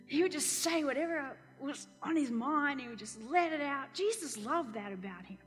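A woman pastor preaching a sermon, telling a story with animated acted-out quotes. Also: high voice, moderate pace, long reverb tail, soft background music.

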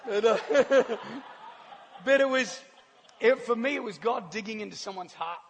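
A man from New Zealand with a New Zealand accent giving a sermon with a personal testimony, an animated storyteller who laughs often. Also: very high-pitched, unhurried. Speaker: church speaker. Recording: long hall reverb.

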